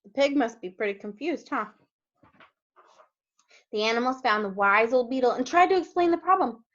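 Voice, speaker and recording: A woman, a kindergarten teacher, reading a storybook aloud to young children and gently asking them questions along the way. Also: fairly high pitch, expressive, normal speed. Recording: dull lo-fi recording.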